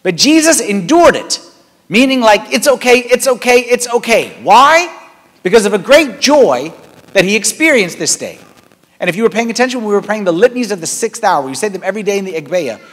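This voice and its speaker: High-voiced priest preaching in reverberant church. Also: male voice, brisk. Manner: conversational, animated preaching with rising emphasis. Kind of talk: sermon. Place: large church hall.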